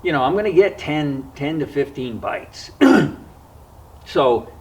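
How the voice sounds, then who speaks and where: Unhurried man telling a fishing story. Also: on the high side, lively intonation, recorded from a distance, poor audio. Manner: unhurried and conversational, with frequent pauses and fillers. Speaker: fishing vlogger. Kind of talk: casual spoken storytelling to camera.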